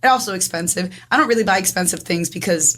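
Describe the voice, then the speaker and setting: A woman in her twenties telling her own story in casual chat, rapid and animated, acting out what everyone said with lots of "like". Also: on the low side. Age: 20s. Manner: rapid, animated, acts out dialogue with frequent "like". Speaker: guest.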